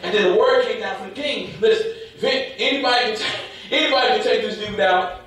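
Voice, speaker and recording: A man with an American accent preaching a fervent sermon as an apostle, repeating words and shouting lines to a responding congregation. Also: sits high, brisk. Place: church sanctuary. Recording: echoey church, mic from a distance, congregation responding.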